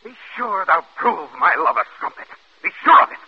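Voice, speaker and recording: An actor playing a jealous, tormented general in a 1950s radio drama, bursting into furious, anguished outbursts on an old radio broadcast. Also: male voice, high voice, animated, moderate pace, slightly rough, highs cut off, exaggerated voice. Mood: raging.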